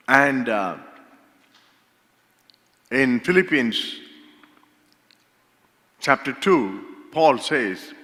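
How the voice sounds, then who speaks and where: A man from India preaching a sermon as pastor, slow and emphatic, repeating key phrases for weight. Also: mid-range voice, fairly bright tone. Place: church sanctuary. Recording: long hall reverb.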